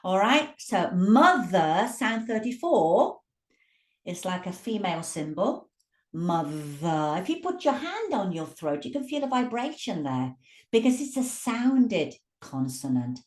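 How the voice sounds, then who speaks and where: A woman teaching English pronunciation, drawing out words slowly and stressing syllables to demonstrate. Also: on the high side, far from the mic. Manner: slow, drawn-out demonstrative speech with lively emphasis. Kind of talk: pronunciation lesson. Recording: echoey room.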